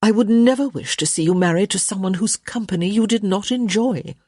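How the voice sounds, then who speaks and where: A woman's voice: medium pitch, a little fast, darkish tone, no room sound, studio quality, pitched above the performer's own voice, natural voice. A woman voicing a middle-aged society mother who frets about her daughter's marriage, insistent and coaxing.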